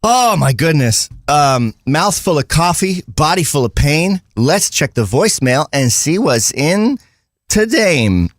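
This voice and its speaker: Male co-host, mid pitch, very animated delivery, loose and joking, dry studio sound. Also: measured pace, no room sound. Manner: scattered, joking, reads chat aloud. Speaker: podcast co-host. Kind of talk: casual morning livestream chat.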